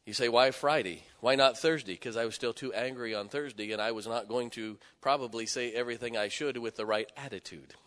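Middle-aged pastor, bright, forceful delivery, folksy storyteller, hall reverb. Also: male voice, mid-range voice, a little fast, few pauses. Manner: folksy storytelling preacher, swings between loud emphasis and quiet asides. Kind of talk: sermon. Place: church sanctuary. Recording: long hall reverb in a church.

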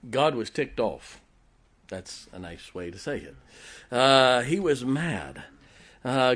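A man preaching a sermon, retelling a Bible story in a folksy way and chuckling often as he goes. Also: mid-range voice.

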